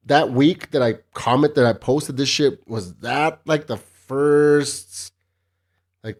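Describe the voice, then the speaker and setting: A man's voice: medium pitch, a little mellow. A man hosting his own podcast solo, chatting casually in a profane, rambling, sarcastic way. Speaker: podcast host.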